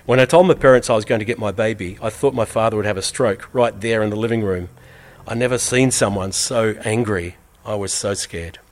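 A man reading a first-person story aloud in an earnest, measured way, repeating phrases for weight. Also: on the low side. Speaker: reader.

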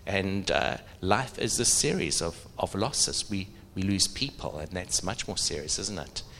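A middle-aged man preaching a sermon, animated, asking the audience questions. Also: sits low, unhurried, a little hiss or hum.

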